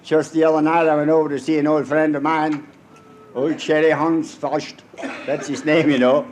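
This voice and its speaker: A man doing a stand-up comedy routine in a Pennsylvania Dutch accent. His voice sits a touch high, and he spins folksy, ungrammatical yarns about neighbors and relatives. A faint hiss lies under the recording. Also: little pitch movement, moderate pace, a little mellow. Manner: folksy dialect storytelling, homespun grammar.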